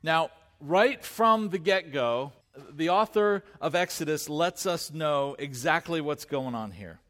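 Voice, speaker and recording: A man preaching a sermon to a congregation, emphatic, repeating key phrases and slowing down to stress words. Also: a little high, expressive, fairly bright tone, in a large hall. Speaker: pastor.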